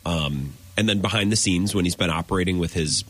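A man co-hosting a sports talk radio show, laying out his analysis quickly and acting out quotes as he goes. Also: sits low, dry recording. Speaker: radio co-host.

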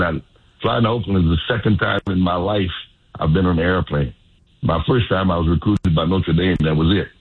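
A deep, creaky, slightly rough voice belongs to an older Louisiana man who used to play football. Over a phone-like radio line, he tells animated interview stories, circling back to the same phrases.

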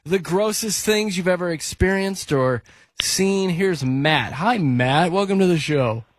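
A man hosts a call-in radio show with animated, quick reactions to each story. His voice sits a little high for a man. The studio sound is close and dry. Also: dry recording.

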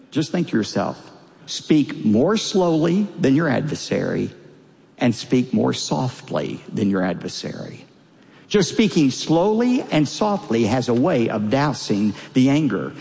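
A man's voice: a little high, darkish tone, in a large hall. A man preaching a sermon as a pastor, teaching in numbered points and repeating key words for emphasis.

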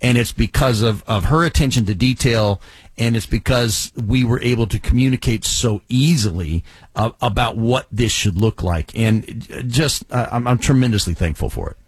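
A man's voice: medium pitch, normal speed, slightly rough, dry recording. A man, a community theater director and playwright, answering interview questions in a chatty, enthusiastic way with frequent restarts.

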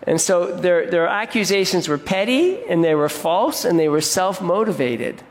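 Pastor guy preaching, earnest and chatty, kinda high voice, big echoey hall. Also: lively intonation, normal speed. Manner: earnest, conversational, with restarts. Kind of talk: sermon.

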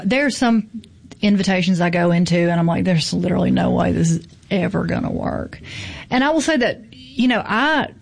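Chatty woman festival organizer. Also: on the low side. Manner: chatty storyteller, acts out quoted voices. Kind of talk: casual chat.

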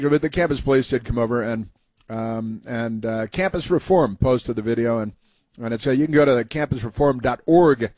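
A man's voice: medium pitch, a little mellow, no room sound. A man hosting a talk show, giving sarcastic, rambling commentary with many fillers.

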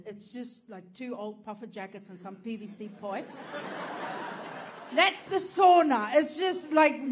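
A woman's voice: on the high side, slight background noise. Brash, profane woman comic. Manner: brash, profane, laughing through punchlines. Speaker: comedian. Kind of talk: stand-up comedy storytelling.

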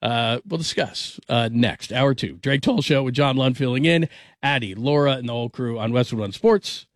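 A man's voice: medium pitch, moderate pace, no room sound, studio quality. A man hosting a sports talk radio show, chatting casually and telling rambling jokey stories. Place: radio studio.

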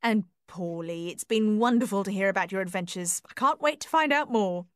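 A woman reading the part of a talkative middle-aged farmer's wife who fusses brightly. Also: medium pitch, fairly quick, no room sound, studio quality, natural voice. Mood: chatty.

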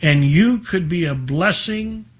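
A man's voice: high-pitched, expressive, slow, slightly rough. A man in his sixties hosting a call-in radio ministry, rambling through folksy stories with many restarts. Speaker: radio ministry host taking calls. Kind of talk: call-in radio sermon talk.

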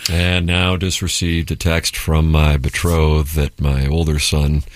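A man hosting a sports radio show, telling relaxed stories in casual banter. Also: rumbling low, unhurried.

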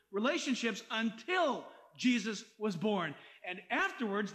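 A male pastor preaches with lively emphasis and quick humor, reading scripture aloud between his points. His voice sits very high for a man. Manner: animated, emphatic, joking, quotes scripture. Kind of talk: sermon.

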